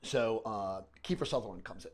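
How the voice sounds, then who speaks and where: A man's voice: lowish voice, a little fast, darkish tone. Rambling storytelling man host. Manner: rambling, many restarts, acts out quotes. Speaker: podcast host. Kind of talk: casual storytelling chat.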